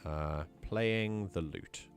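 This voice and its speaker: A man's voice: low voice, very slow, soft background music. A man streaming, chatting casually and thinking aloud as he plans out a game character. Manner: musing aloud, easygoing. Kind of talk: casual livestream chat.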